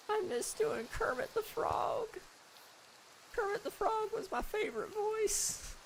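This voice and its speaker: A man streamer voicing a sweet, sour old lady in a high falsetto while chatting with viewers. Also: sing-song, slow, gravelly, pauses often, a little hiss or hum, exaggerated voice, rough recording. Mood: chatty. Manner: chatty, apologetic, answers chat as he goes. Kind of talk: live stream chat.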